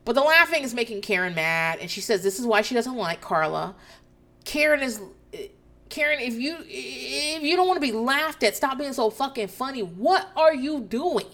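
A woman's voice: high-pitched, expressive, normal speed, fairly bright tone. A woman casually recapping a reality show episode, profane and incredulous as she tells the story.

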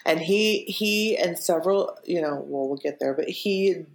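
A woman's voice: on the low side, a little slow. A woman co-hosting a podcast in casual chat, swearing casually and laughing often. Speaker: podcast co-host. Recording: roomy echo.

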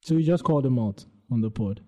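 A man's voice: mid-range voice, expressive, quick pace, warm tone, poor audio. A young man hosting a podcast, casually asking questions and agreeing. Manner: asks questions, many short agreements.

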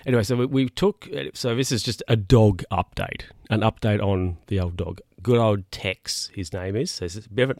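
A man's voice: fairly low pitch, moderate pace, hardly any pauses, darkish tone, no room sound, clean studio sound. A man hosting his own podcast, chatting casually on his own and wandering off into asides with plenty of restarts. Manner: rambling, with frequent restarts and asides. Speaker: podcast host. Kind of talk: casual solo podcast chat.

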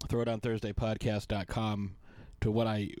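A man's voice: fairly low pitch, level tone, normal speed, mellow, no room sound. Podcast co-host, male, casual and rambling, dry close-miked sound. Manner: rambling, playful, slips into snooty impressions. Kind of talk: casual chat.

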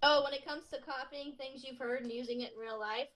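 A woman's voice: high-pitched, fairly even intonation, a little fast, a bit bright. A young adult woman co-hosting a podcast, telling casual stories with giggles and self-mocking asides. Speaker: podcast co-host. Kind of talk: casual chat.

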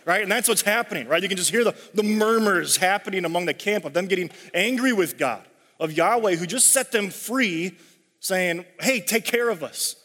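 A man's voice: high-pitched, normal speed, sharp tone. A young adult male pastor giving a conversational sermon, full of fillers and frequent "right?" check-ins. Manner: conversational, filler-heavy, keeps asking "right?". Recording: long hall reverb.

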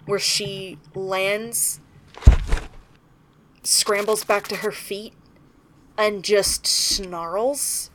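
Slow-narrating woman game player. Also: medium pitch, steady tone, fairly bright tone, a little hiss or hum, poor audio. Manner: slow narration with laughs, peppered with "like". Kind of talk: narrating her character's actions in a tabletop game.

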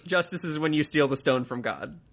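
A man's voice: a little high, brisk, fairly bright tone. A man co-hosting a casual anime recap podcast, joking sarcastically and swearing freely. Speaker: podcast co-host.

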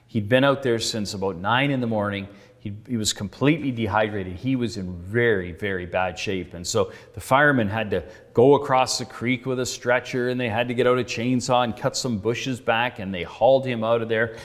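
A male pastor tells a story in his sermon, earnest and conversational, acting out the dialogue. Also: medium pitch. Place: church sanctuary. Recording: reverberant church hall.

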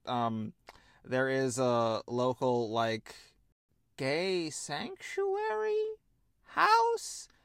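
A man co-hosting a casual podcast chat, animated and laughing, with frequent swearing and quick asides. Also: medium pitch, clean tone, dry recording, studio quality. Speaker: podcast co-host.

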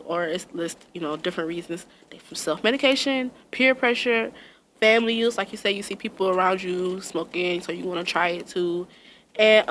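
Bright-voiced young woman telling wild stories. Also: on the low side. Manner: animated, laughs often, profane and loose. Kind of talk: casual storytelling chat.

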